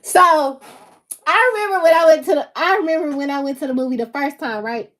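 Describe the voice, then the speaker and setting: A woman's voice: high-pitched, a little fast, a bit bright. A woman, hosting her own channel and talking casually and emphatically to camera, laughing often. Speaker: channel host.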